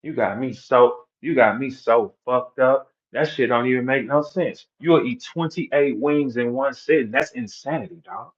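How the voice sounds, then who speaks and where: A man's voice: mid-range voice, moderate pace, hardly any pauses, muffled recording. A man hosting an online audio room, ranting aggressively and mockingly with heavy profanity.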